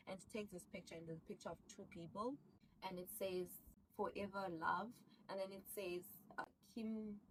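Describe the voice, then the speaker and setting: Excitable woman recapping a drama. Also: mid-range voice, far from the mic, a little hiss or hum, rough recording. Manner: animated, excitable storytelling, acts out characters' lines. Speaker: show recapper. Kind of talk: casual recap of a drama series.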